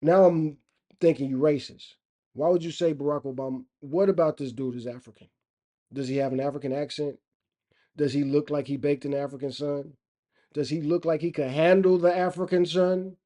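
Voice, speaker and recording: A man's voice: fairly high pitch, fairly even intonation, moderate pace, dark tone. A man vlogging in a rambling, opinionated casual monologue. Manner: rambling, opinionated, loose and conversational.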